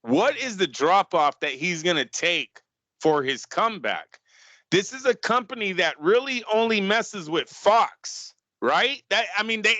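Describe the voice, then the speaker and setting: A man co-hosting a casual boxing podcast, talking fast and analytically with frequent restarts. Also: high-pitched, sharp tone, no room sound. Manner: fast analytical, restarts, argues business points.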